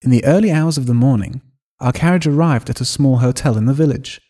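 A man reading a first-person story aloud in an expressive, storytelling manner. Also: mid-range voice, fairly quick. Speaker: narrator. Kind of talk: scripted story narration.

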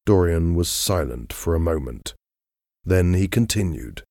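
Slow, measured male audiobook narrator. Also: deep voice, animated, creaky, mellow, no echo, studio quality. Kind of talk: audiobook narration of a graded reader.

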